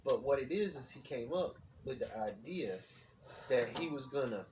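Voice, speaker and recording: A man's voice: medium pitch, lively intonation, normal speed. A man co-hosting a podcast, telling a long rambling story in casual, profane chat with lots of fillers. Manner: rambling, profane, fillers like "you know what I'm saying". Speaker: podcast co-host. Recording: distant mic with clear background noise.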